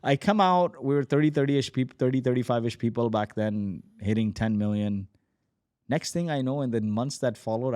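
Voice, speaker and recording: A man in his forties tells his founder's story as a podcast guest, lively and animated, acting out the dialogue. His voice is mellow and dark in tone. The sound is dry and close. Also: medium pitch, moderate pace, dry recording. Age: 40s. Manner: animated, acts out quoted dialogue. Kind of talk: energetic storytelling.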